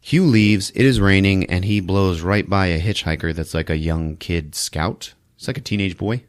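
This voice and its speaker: A man hosting a podcast who recaps a horror film in casual chat, telling it as an animated storyteller. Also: low-pitched, normal speed, dry recording, clean studio sound. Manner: animated storyteller, laughing often. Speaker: podcast host.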